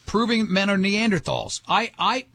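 Older guy hosting radio, high voice, dry close sound, rambles and jokes around. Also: expressive, normal speed, vocal fry, sharp tone, slightly rough, no room sound. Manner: rambling, jokey storytelling. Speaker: radio show host. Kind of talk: casual banter.

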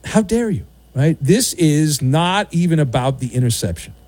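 A man's voice: fairly high pitch, big pitch swings, normal speed, a little mellow. A man hosting a sports talk radio show, ranting sarcastically and slipping into mocking voices. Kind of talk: opinionated sports talk monologue.

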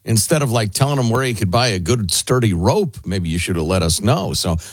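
Gravelly, wry co-host man. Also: fairly low pitch, animated, fairly quick, no echo. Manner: wry, sarcastic, chuckling asides. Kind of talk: casual chat.

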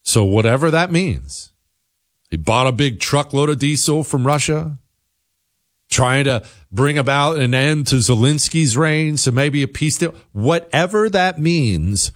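A man's voice: medium pitch, unhurried, no echo, studio quality. A man hosting a political commentary show, talking in an emphatic, insistent, conversational monologue.

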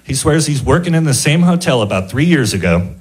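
A man's voice: on the high side, expressive, a little fast. Guy doing stand-up, long rambling story, laughs at his own bits. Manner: rambling anecdote, chuckling at his own jokes. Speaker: stand-up comedian.

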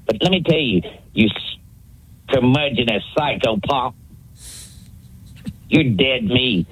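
A man's voice: mid-range voice, animated, measured pace, fairly bright tone, husky, no room sound, poor audio. A man calling in to a sports radio show, ranting and taunting in a bombastic way. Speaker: caller. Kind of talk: call-in radio rant.

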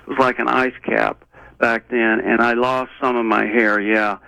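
A man as an interview guest, telling a personal story in an earnest, rambling way with many halting restarts. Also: mid-range voice, little pitch movement, gravelly, pushed and bright, no room sound, poor audio.

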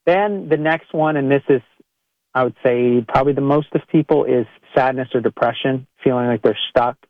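A man's voice: medium pitch, moderate pace, no room sound. Man with a tinny phone-like sound. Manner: conversational, acts out quoted people in a raised voice. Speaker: chiropractor. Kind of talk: podcast monologue to listeners.

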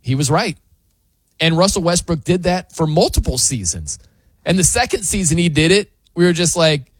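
A man's voice: a little high, moderate pace, no room sound. A man hosting a sports talk show, ranting in disbelief as he argues his opinions. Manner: animated, incredulous ranting.

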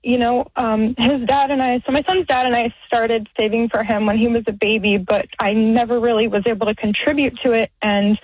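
A woman calling in to a radio show, talking hesitantly with many pauses and sounding close to tears. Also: a little high, breathy edge, no echo. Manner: excited, then emotional and halting. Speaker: caller. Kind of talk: call-in question. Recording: muffled phone line.

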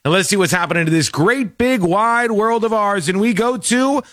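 A man's voice: sits high, normal speed, a bit bright, no echo, clean studio sound. A man hosting a radio talk show in an upbeat, playful, chatty way. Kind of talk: lively radio show chat.

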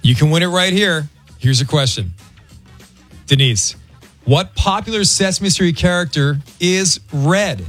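A man's voice: on the high side, animated, a little slow, fairly bright tone. A man hosting a radio morning show game segment, upbeat and joking. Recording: radio broadcast with music bed.

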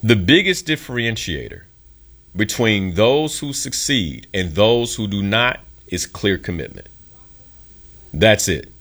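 A man's voice: lowish voice, animated, slow pace, a bit bright. A young adult man hosting a show, telling a story from his career as an emphatic motivational monologue and acting out the voices of people in it. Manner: earnest, emphatic, acts out quotes in his story. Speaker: podcast host.

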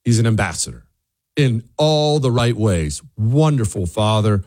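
A man giving an opinion monologue, animated and full of rhetorical questions, often repeating words as he goes. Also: on the low side, measured pace, dry recording, studio quality. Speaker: commentator.

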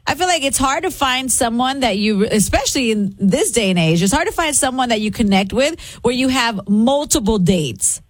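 A woman's voice: a little high, lively intonation, normal speed, few pauses, dry recording. A woman co-hosting a radio show, chatty and plain-spoken, reacting with laughs. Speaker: radio co-host.

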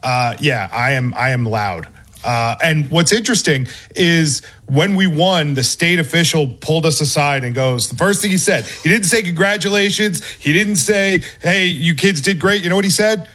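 A man calling into a sports radio show from home, telling an animated story with stammering restarts. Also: fairly high pitch, moderate pace. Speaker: radio co-host and youth baseball parent. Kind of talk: casual sports radio chat. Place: remote from the studio.

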